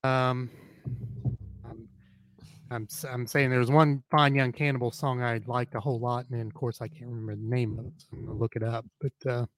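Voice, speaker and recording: A man's voice: mid-range voice, level tone, fairly quick, no room sound. A man co-hosting a podcast in casual chat, tossing in playful questions and wisecracks. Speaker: podcast co-host.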